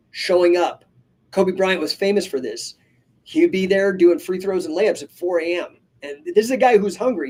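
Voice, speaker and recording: A man's voice: high-pitched, a little mellow. A man hosting a live podcast, telling stories energetically with many asides and casual swearing. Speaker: podcast host and coach. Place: live stream.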